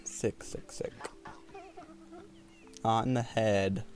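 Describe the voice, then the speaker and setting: A man casually commenting while playing a video game, sick with a cold, chatty, often laughing and quickly getting frustrated. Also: fairly low pitch, fairly even intonation, music in the background. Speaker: gameplay video host. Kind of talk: casual let's play commentary.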